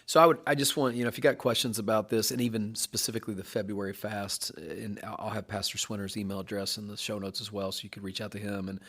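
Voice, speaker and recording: A man with a fairly low voice hosts a casual interview podcast. He asks friendly, leading questions and pauses often with small hesitations. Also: steady tone, a bit bright. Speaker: podcast host.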